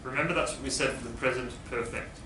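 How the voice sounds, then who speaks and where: A fast-talking man with a mid-range voice leads a classroom English grammar lesson, explaining patiently and posing questions to students. The mic sits far away in an echoey room with background noise.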